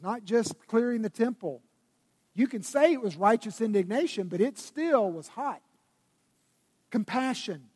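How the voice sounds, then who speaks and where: A man preaching a sermon as pastor, swinging between loud bursts and hushed, intimate tones. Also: high voice. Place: church sanctuary. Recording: long reverb of a church hall.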